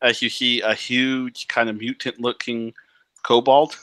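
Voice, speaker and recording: A man's voice: medium pitch, flat delivery, unhurried, a bit bright, dry recording. A man running a tabletop game as game master, narrating casually with many fillers and laughs.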